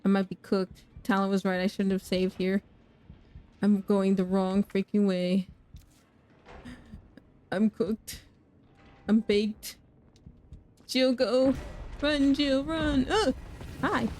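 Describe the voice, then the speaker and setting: Streamer, young woman, fairly high voice, jumpy, laughs a lot, yells at her character. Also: takes it slowly, pauses often. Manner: excitable, laughing, shrieks at in-game danger; talks to chat, self-mocking. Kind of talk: live gameplay commentary.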